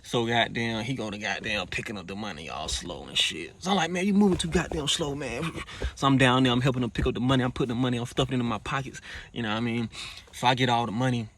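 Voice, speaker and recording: A man's voice: mid-range voice, quick pace, a bit bright, slight background noise. A man casually recounting a personal story in profane slang, acting out quoted lines in a raised voice. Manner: profane slang-heavy talk.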